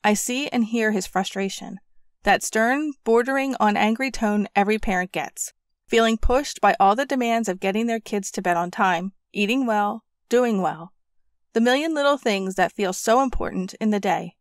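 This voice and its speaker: A woman reading a parenting audiobook aloud in a gentle storytelling manner, close to the mic. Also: mid-range voice, moderate pace, no echo. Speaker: audiobook narrator. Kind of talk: scripted audiobook narration.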